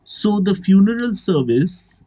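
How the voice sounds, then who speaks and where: A man with a fairly high voice hosts a comedy podcast. He tells long, winding anecdotes in a lively, chatty way, and often breaks off mid-sentence to add a detail. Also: measured pace. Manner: animated, rambling anecdotal storytelling. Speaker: podcast host. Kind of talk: casual comedic chat.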